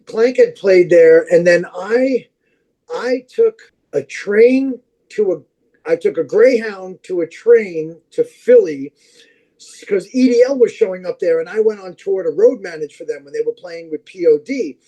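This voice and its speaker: A man who is a podcast guest, telling long, animated anecdotes in casual chat, with plenty of fillers and restarts. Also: high-pitched, measured pace, low-quality recording.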